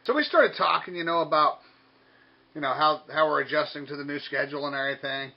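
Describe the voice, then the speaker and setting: A man's voice: on the high side, fast talker, gravelly, dull audio. A man delivering a blunt, heated, profanity-filled rant as a vlogger. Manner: blunt, crude, heated, swears constantly. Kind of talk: profane ranting monologue.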